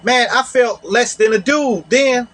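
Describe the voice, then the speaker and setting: Guy with a high voice just talking, telling a story from his life, repeats himself a lot, says "you know" a bunch. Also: unhurried, fairly bright tone, slight background noise. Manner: repeats phrases, often adds "you know". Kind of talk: casual personal storytelling.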